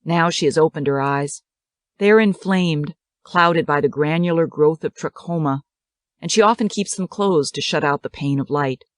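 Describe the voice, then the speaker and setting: A woman narrating the stage directions of a play in a steady, descriptive reading. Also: low-pitched, normal speed, no room sound, clean studio sound. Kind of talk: dramatic reading of a play script.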